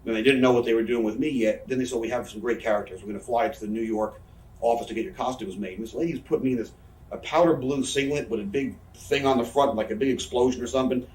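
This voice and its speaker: A man's voice: medium pitch, fast, darkish tone, distant mic. A man in his thirties telling stories in a candid interview, rambling and swearing freely. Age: 30s. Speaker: professional wrestler interviewee. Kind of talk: candid shoot interview storytelling. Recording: roomy, voice from away from the mic.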